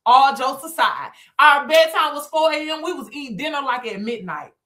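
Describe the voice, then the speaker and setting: A woman's voice: high-pitched, animated, moderate pace, pushed and bright. A woman, telling her story as a motivational talk to viewers, emphatic and repeating phrases for effect. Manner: emphatic, repeats phrases, addresses listeners as y'all. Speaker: business coach and speaker.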